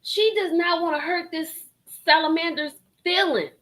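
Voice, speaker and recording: A woman hosting a reaction video, giving animated commentary on a reality show, laughing and talking straight to her viewers. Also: extremely high pitch, moderate pace, rough recording.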